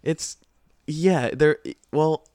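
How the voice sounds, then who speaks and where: A man's voice: fairly high pitch, drawn-out words, a little mellow, no room sound, clean studio sound. A man co-hosting a casual podcast, talking in a loose, giggly, laid-back way. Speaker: podcast co-host.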